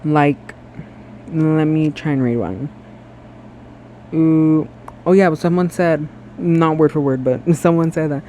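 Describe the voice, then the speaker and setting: A man's voice: a little high, fairly even intonation, takes it slowly, long pauses, warm tone, a little hiss or hum. A man vlogging to his phone camera in a home bathroom, chatty and sassy, earnest and emotional as he rambles. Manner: chatty and sassy, lots of "girl" and "like"; emotional and earnest, self-described sensitive. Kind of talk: casual rambling monologue to camera.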